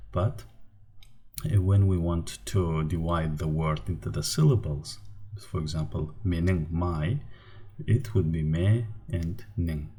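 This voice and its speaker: A man with a Turkmen accent teaches an online language lesson in English, his first language being Turkmen. His voice is very low and mellow, and he explains step by step at an unhurried pace, pausing often to find his words. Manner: slow, careful explaining with frequent hesitations.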